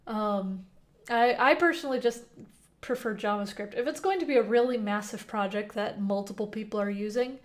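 With a mid-range voice and moderate pace, a young woman runs a casual coding livestream from her temporary home. She wears headphones with a mic, reads the chat aloud, and answers viewers' questions using plenty of filler words.

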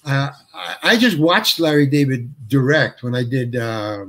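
Husky older man telling stories. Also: mid-range voice, a bit bright. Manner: halting, restarts, chuckles through stories. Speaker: actor guest. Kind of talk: anecdotal interview storytelling.

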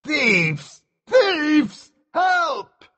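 A shrill, bright, breathy voice of a scheming merchant, put on by a male storyteller, slow and high-pitched. He strains into shouts and sounds a little set back from the mic. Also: animated, exaggerated voice. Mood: panicked. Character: shrill scheming old Dutch merchant, and a stern judge.

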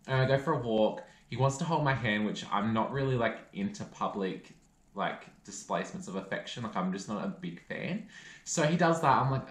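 A man's voice: mid-range voice, moderate pace, fairly bright tone, reverberant. A young man, telling a story in a chatty vlog style, full of "like" fillers. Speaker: vlogger.

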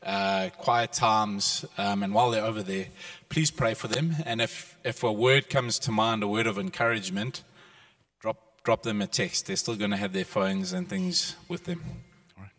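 Gravelly, bright-toned man. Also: medium pitch, moderate pace. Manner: relaxed, offhand reminders. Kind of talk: casual announcement to a congregation. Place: church.

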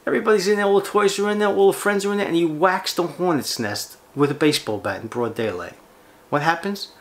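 A middle-aged American man hosting a fishing channel, delivering a heated, indignant rant full of rhetorical questions. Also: fairly bright tone. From United States. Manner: fired-up, indignant, swinging pitch, rhetorical questions. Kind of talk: heated ranting monologue.

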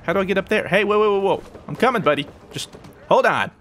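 A man's voice: sits high, quick pace, slight background noise. A young man giving live commentary on a game he is playing, yelping when startled and making cocky asides to viewers. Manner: excitable, yelps and squeals when startled. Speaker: gaming video host.

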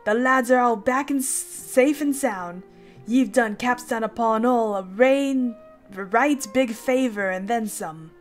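A woman's voice: fairly high pitch, measured pace, faint music behind, natural voice. A woman voicing a blunt, cheerful male shipwright foreman in a broad Northern English accent, reading game dialogue. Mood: hearty. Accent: Northern English, put on. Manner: broad dialect, rough and hearty.

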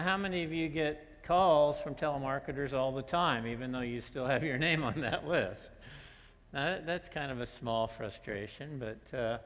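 A male pastor delivers a relaxed, conversational sermon, pausing on fillers as he tells a story. His mid-pitched voice rolls through a large sanctuary with a long reverb tail. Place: church sanctuary. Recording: long church-hall reverb.

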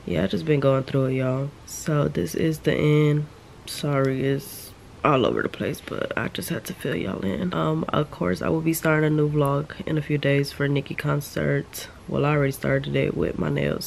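A sick young woman vlogs from home while lying down, her throat sore, chatting and rambling openly to viewers as a casual update. She speaks in a low, gravelly, slightly mellow voice, and a bit of hiss or hum is audible.

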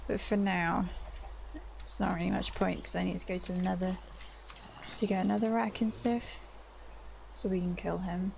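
A woman's voice: lowish voice, steady tone, moderate pace, gravelly, long pauses, darkish tone, slight background noise. A young woman casually commenting on her own gameplay, chatty and self-mocking, greeting monsters in a sing-song voice. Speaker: gaming channel host.

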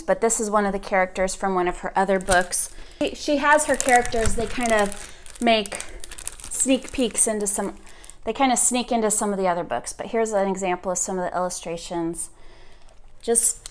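A woman, a homeschooling mother, chatting casually and eagerly about picture books and holding them up for the camera. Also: mid-range voice. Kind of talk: casual book recommendation chat.

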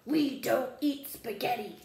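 A woman's voice: high-pitched, very animated, takes it slowly, dark tone, voice pushed up, exaggerated voice. A woman reading as a blunt, unimpressed lion. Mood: deadpan. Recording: echoey room, faint ambience.

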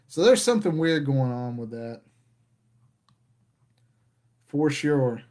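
A man's voice: mid-range voice, steady tone, unhurried, pauses often, darkish tone. A man hosting a casual rant, talking in an exasperated, conversational way. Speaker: podcast host.

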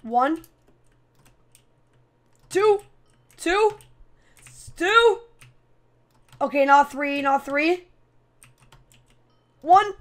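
A high-pitched woman giving gameplay commentary as a channel host. She talks in an excitable, chatty way and trash-talks her opponents playfully. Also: drawn-out words, long pauses.

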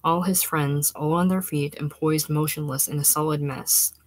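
A woman with a notably low voice reads a short story aloud in a steady, even narration. Her delivery sometimes drops to a hushed near-whisper. The recording is close and dry, with no room sound. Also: moderate pace, dry recording. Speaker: reader.

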